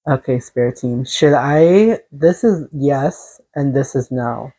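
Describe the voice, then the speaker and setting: A woman giving a casual tarot reading, earnest and encouraging, rambling with halting restarts. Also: rumbling low, warm tone, breathy edge. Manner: earnest, encouraging self-help tone. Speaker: tarot reader.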